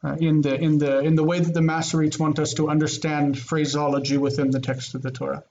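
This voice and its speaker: A man's voice: on the high side, level tone, brisk, a little mellow, lo-fi sound, a little hiss or hum. A man teaching a Biblical Hebrew grammar lesson online, explaining with eager enthusiasm and thinking aloud. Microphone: video call.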